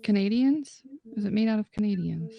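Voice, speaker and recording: A woman's voice: mid-range voice, lively intonation, fairly quick, gravelly, muffled recording, soft background music. A woman co-hosting a live drawing stream, chatting casually with teasing, enthusiastic banter. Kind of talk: casual chat.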